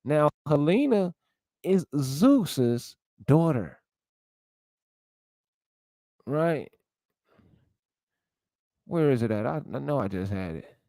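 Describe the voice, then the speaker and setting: A man's voice: medium pitch, animated, very slow, long pauses, warm tone, no echo. A man lecturing viewers in casual commentary, searching aloud and calling them y'all. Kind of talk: casual commentary while browsing sources.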